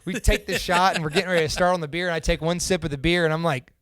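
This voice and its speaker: A man's voice: a little high, steady tone, rapid-fire, fairly bright tone, no room sound, clean studio sound. A young man from Central Indiana, a podcast guest casually telling a personal story, swearing freely and acting out what others said. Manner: casual and profane, acts out the quoted lines.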